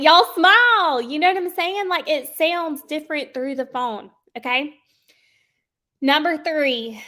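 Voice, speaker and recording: A woman's voice: sits high, sharp tone. A woman giving a casual sales coaching talk, chatty and checking in with her listeners often. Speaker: sales trainer.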